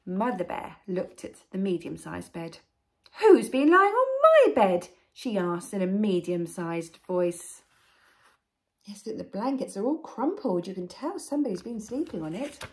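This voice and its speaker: A woman, a nursery teacher, reading a storybook to young children with an expressive, gently coaxing manner and soft asides. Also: lowish voice, moderate pace.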